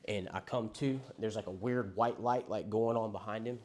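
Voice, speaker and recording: A man's voice: lowish voice, steady tone, moderate pace, a little mellow, a little hiss or hum. Candid man telling his recovery story. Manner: candid, profane, conversational storytelling. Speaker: recovery speaker. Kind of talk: personal recovery story told to a group.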